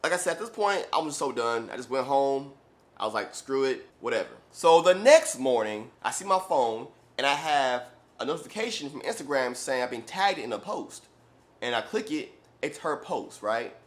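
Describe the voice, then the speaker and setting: A man's voice: medium pitch, normal speed. Exasperated young man telling a story. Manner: animated, exasperated, lots of "like". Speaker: running shoe vlogger. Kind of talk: casual storytelling.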